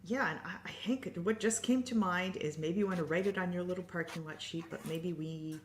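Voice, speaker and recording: A woman co-hosting a casual online chat. Her voice sits a little low and carries a roomy echo. She tells her stories with lively energy and laughs often. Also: a little fast, a little hiss or hum. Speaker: co-host, healing coach. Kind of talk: casual livestream conversation.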